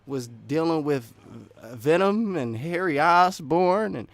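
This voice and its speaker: A man hosting a show, talking casually about video game news in an excited, animated way, and he often breaks into loud bursts. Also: a little high, slow, dry recording. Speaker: host.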